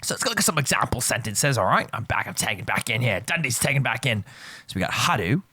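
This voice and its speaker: A man's voice: medium pitch, sing-song, fast talker, bright, forceful tone, breathy edge, no echo. A man giving a casual, joking language lesson, teasing his students and repeating points as he goes. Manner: playful, teasing, repeats and self-corrects. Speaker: Japanese language teacher.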